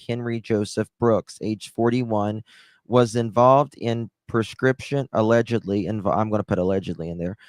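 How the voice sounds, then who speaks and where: A man's voice: lowish voice, clear, resonant tone, dry recording, clean studio sound. A middle-aged man giving casual true-crime commentary to a live chat, blunt and sarcastic, brushing off claims he finds weak.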